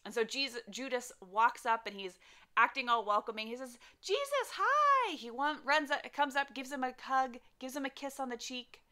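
A woman's voice: fairly high pitch, steady tone, normal speed, sharp tone, clear, resonant tone. A young woman teaching a children's church lesson, telling the story animatedly and acting out the characters.

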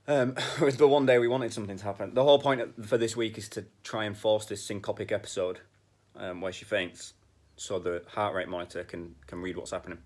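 A man's voice: on the low side, steady tone, a little fast, hardly any pauses, a little mellow. A man chatting casually in a vlog about dog training, blunt and swearing when frustrated. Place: outdoors in a field with dogs.

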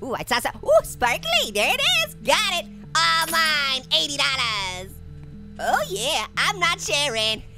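A man voicing a hyper, wisecracking male talking orange, giggly and squeaky, making puns and teasing while playing a video game. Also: measured pace, vocal fry, over music, exaggerated voice. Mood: playful. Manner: excitable, teasing, bursts into shouts. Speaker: gaming channel host character. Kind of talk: let's play commentary.

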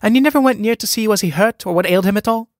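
A sharp-tongued young tavern girl, teasing and scornful, as a man reads her part aloud from a stage play. Her voice sits fairly high and cuts with impatience. The sound is close and dry. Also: racing, no room sound.

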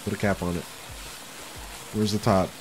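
Deep-voiced man chatting through a game. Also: level tone, normal speed, background noise. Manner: chatty, talks to himself, swears casually. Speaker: gaming streamer. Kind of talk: casual let's-play commentary. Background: faint game music.

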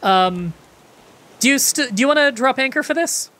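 A woman's voice: high voice, animated, moderate pace, fairly bright tone, slight background noise. A woman from Ontario with a Canadian accent, hosting casual gameplay commentary and joking around with some swearing. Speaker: gaming channel host.

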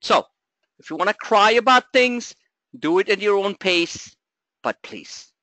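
Middle-aged male webinar host, bright lively voice, casual and joking, dry close mic. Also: measured pace, no echo. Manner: animated, joking, swings between loud asides and low mutters. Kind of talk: live market webinar talk.

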